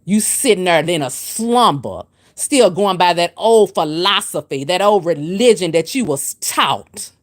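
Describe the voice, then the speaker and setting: A woman hosts a spiritual livestream. She scolds and preaches at a commenter, hammering her points with repetition. Her pitch swoops from low and firm to high and emphatic. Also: expressive, a little slow, few pauses. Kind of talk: livestream rant answering comments.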